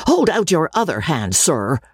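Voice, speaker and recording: A woman's voice: deep voice, huge pitch swings, unhurried, husky, no room sound, clean studio sound, pitched above the performer's own voice, full character voice. A woman voicing an arrogant teenage school bully in an audiobook, with a sneering, contemptuous delivery. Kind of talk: audiobook reading.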